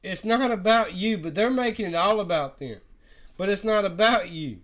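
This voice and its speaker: A man's voice: high-pitched, animated, normal speed, poor audio. A man doing reaction commentary, emphatic and repetitive, speaking directly to his viewers.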